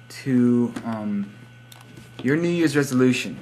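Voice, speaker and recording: Shoutouts, silly jokes and the occasional fake accent fill this young YouTuber's rambling, casual vlog, recorded at his home computer. He speaks at a moderate pace in a medium-pitched voice, with slight background noise.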